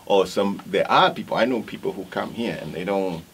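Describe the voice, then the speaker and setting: Gravelly low-voiced African-born man. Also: a little hiss or hum. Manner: halting, frequent restarts, tags points with "right?". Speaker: interview guest. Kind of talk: conversational interview answers.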